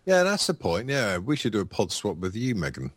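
A man with a fairly low voice that swings widely up and down, trading jokes and teasing friends over a call. A faint hiss sits on the line behind him, and he talks in relaxed, cheeky podcast banter. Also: a little fast. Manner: teasing, joking, animated. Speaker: podcast guest.

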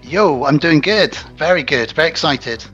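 A man's voice: fairly high pitch, lively intonation, normal speed, sharp tone, breathy edge, muffled recording, soft background music. A man co-hosting a podcast, easygoing and laughing along in casual chat. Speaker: podcast co-host.

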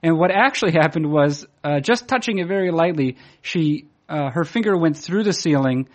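A man talks in a loose, rambling way, full of ums, false starts and little laughs at his own expense. His voice sits a touch higher than most men's. It is an unhurried podcast conversation. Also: lively intonation. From Boston area, USA. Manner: rambling, hesitant, many fillers and restarts; self-deprecating, laughs while telling stories. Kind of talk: casual chat.

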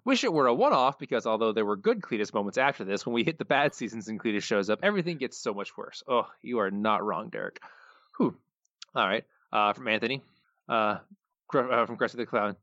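A man's voice: medium pitch, lively intonation, fairly quick, a bit bright, no room sound, highs cut off. A man co-hosting a podcast, reading listener answers in an easygoing, amused way. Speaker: podcast co-host.

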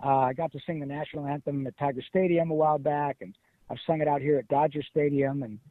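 A middle-aged man from Detroit, telling stories as an interview guest in an animated, emphatic way. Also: on the high side, fast, no echo. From Detroit, USA. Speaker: guest voice actor. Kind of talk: casual interview. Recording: tinny phone-like line.

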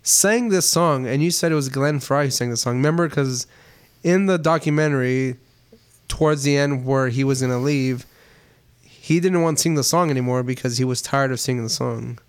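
A man's voice: mid-range voice, normal speed, clean tone, no echo. A man hosting a casual chat with friends, talking loosely and chuckling, a bit loose after a few beers. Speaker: podcast host running a song countdown.

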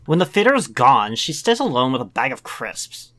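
Low-voiced woman reading in mock British accent. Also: sing-song, moderate pace, a bit bright. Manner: reads a story aloud in a mock British accent. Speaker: podcast co-host reading a story aloud. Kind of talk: casual comedy podcast chat.

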